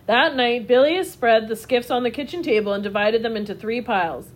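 Give me a woman narrating a storybook, a bit high-pitched and expressive. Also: brisk.

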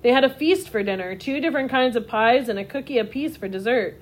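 A woman's voice: a little high, animated, a little fast. Woman reading a storybook aloud. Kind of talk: scripted storybook narration.

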